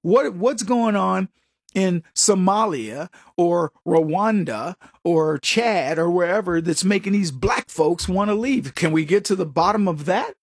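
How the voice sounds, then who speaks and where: An emphatic man from the United States holds forth in a combative monologue. His voice sits high and jumps around a lot, with a slightly husky edge. The sound is dry and close. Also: lively intonation, unhurried, no echo. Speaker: commentator. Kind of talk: opinionated monologue.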